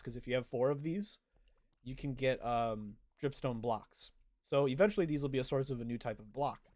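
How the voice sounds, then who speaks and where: Young guy streaming a game, chatty, answers chat, mid pitch, dry close sound. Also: a little mellow, no room sound. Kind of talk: casual gaming livestream chat.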